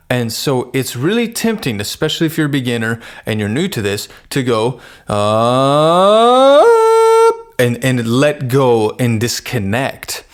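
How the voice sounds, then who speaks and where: Lively male singing teacher. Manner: explains plainly and breaks into sung falsetto examples. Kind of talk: vocal lesson with sung demonstrations.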